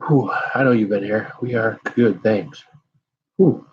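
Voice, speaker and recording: A fairly low-pitched, middle-aged man from the United States speaks a little slowly as he hosts a casual live stream. Hot peppers are burning his mouth, so he keeps sighing and blowing out breaths between chatting with viewers. The audio has its highs cut off.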